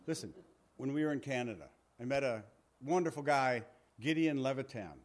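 A man's voice: medium pitch, expressive, normal speed. A male pastor teaching a Bible passage in a conversational sermon, reading scripture aloud and paraphrasing it.

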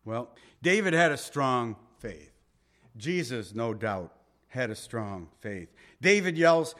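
A man's voice: medium pitch, sing-song, slow pace, a bit bright. A man preaching a conversational sermon, acting out scenes with jokes and asides.

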